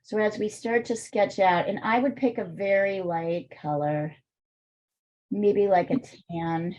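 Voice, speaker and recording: A woman's voice: medium pitch, unhurried, a little mellow. A woman art teacher with a weak, strained voice, chatting and thinking aloud while she demonstrates drawing in a live online class, with plenty of fillers.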